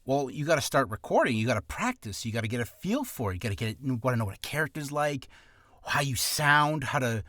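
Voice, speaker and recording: A man's voice: medium pitch, fast talker, no room sound. A man who is an aspiring voice actor talks through a casual tutorial vlog from a home studio, rambling and correcting himself as he goes. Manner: rambling, self-correcting, animated.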